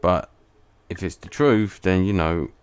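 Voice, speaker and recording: A man's voice: low-pitched, a little slow, background noise. A man giving casual let's play commentary, talking earnestly and bluntly and often restarting his sentences. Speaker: gaming channel host.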